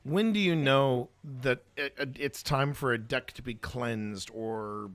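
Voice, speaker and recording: Chatty man with a crisp, close sound. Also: mid-range voice, slow pace, fairly bright tone, dry recording. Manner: rambling, with many fillers and restarts. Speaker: streamer and co-host. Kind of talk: casual chat.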